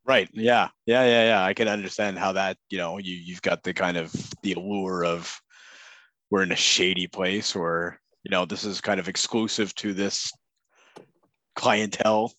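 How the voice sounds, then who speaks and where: Easygoing male podcast host, low voice, dry sound. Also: steady tone, normal speed, bright, forceful tone, no echo. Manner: easygoing, affirming with short backchannels. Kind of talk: casual podcast chat.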